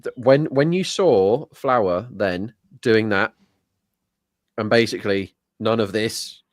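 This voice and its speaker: Lowish male co-host, chatty betting tips, dry close sound. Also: slow pace, dry recording. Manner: chatty, talks through betting lines. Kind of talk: live sports watch-along banter.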